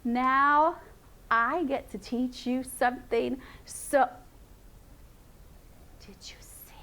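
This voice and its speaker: Woman teacher, high voice, slow and encouraging delivery, phonics to small kids in a classroom. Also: a bit bright. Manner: slow, sing-song, encouraging, repeats sounds and rules. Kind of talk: phonics lesson to young students.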